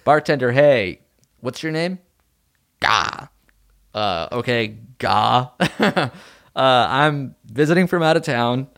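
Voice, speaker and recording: A man's voice: medium pitch, lively intonation, fairly bright tone. Brief: man as a fumbling out-of-town customer, hesitant, near his own voice. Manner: hesitant, full of ums and fumbling pauses. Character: awkward male tourist customer, halting and fumbling.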